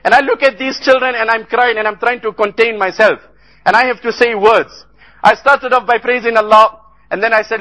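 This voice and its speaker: A man's voice: extremely high pitch, fairly even intonation, brisk, sharp tone, poor audio. A man giving an earnest sermon about a relief trip, telling stories and rising into impassioned appeals. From South Africa. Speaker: Islamic speaker.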